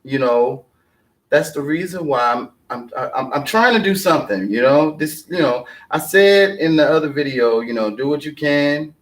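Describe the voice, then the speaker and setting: A man talks fast and heated, out of breath, slipping into curse-laced rants. His voice sits a bit high for a man. He sounds set back from the microphone. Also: distant mic, low-quality recording. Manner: impassioned, profane, acts out others' retorts. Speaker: host. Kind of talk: casual ranting chat.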